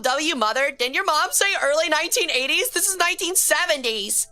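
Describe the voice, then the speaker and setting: A woman streamer giving casual live game commentary, excitable and quick to swear, chatting with her viewers. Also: high-pitched, faint music behind. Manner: excitable, swears a lot when frustrated, chats with viewers.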